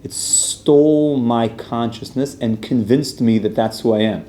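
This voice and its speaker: This is a loose, chatty Torah class where the teacher tells stories and quizzes the group. He has a warm, mid-range voice and speaks a little slowly; the room adds a roomy echo and a faint background hum of noise.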